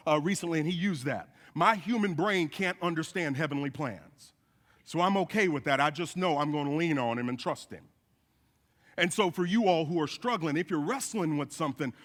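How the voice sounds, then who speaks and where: Man preaching in an echoey hall. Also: fairly high pitch. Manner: animated storytelling with folksy asides. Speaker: guest speaker. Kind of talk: sermon. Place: church sanctuary.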